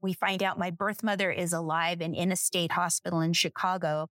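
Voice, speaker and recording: Guest author, woman around sixty, animated storyteller, low voice, dry close sound. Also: a little fast, no echo. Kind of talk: telling a personal story in a podcast interview.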